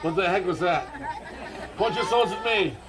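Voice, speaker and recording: With a high-pitched voice at a moderate pace, a man commands a crowd during street theater on an outdoor festival stage. He's theatrical and tosses off dry sarcasm, and the recording is rough.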